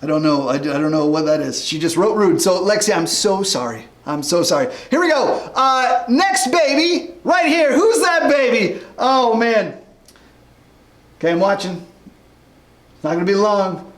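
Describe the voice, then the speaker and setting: A man's voice: sits high, sing-song, moderate pace, echoey room. A man hosting a live-stream guessing game for a youth group, upbeat and chatty as he rattles off viewers' guesses.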